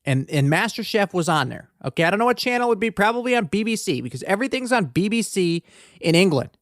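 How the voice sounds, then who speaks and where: A man's voice: high voice, sing-song, quick pace, a bit bright, dry recording, studio quality. Rambling, profane male podcast host. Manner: rambling, profane, joking asides. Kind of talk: casual comedic true-crime podcast monologue. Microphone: desk podcast mic.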